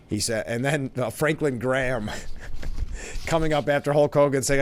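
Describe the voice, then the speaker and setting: A man's voice: mid-range voice, normal speed. A man hosting a talk show, giving casual political commentary in a conversational way, with restarts and asides. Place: broadcast studio.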